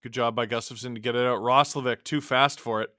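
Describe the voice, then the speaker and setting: Bright-voiced man chatting through a live game. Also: medium pitch, steady tone, quick pace, no echo, clean studio sound. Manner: chatty, reacting to the game and chat as it happens. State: voice worn deeper from long streaming. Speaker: live-stream host watching a hockey game. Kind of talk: casual live play-by-play and chat.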